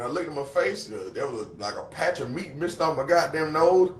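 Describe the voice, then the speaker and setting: A man chatting casually as co-host, telling a wild story full of profanity and animated retellings. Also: on the high side, brisk, echoey room. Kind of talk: casual chat.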